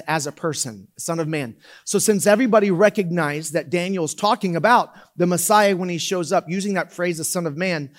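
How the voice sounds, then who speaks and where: Male pastor, relaxed conversational sermon, lots of restarts, slightly higher voice. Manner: conversational, loose, full of fillers and restarts. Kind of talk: casual sermon.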